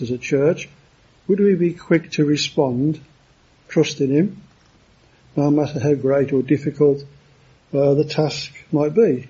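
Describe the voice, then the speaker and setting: Guy giving a sermon, husky mellow voice, kinda stop-start, muffled lo-fi recording. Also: on the high side. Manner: halting, with many fillers and restarts. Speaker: preacher.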